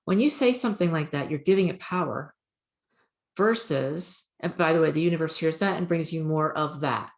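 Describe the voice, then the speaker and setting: A woman's voice: low voice, moderate pace. A woman hosting a spiritual podcast, talking casually and encouragingly about oracle cards, with lots of fillers. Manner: chatty, encouraging, many fillers.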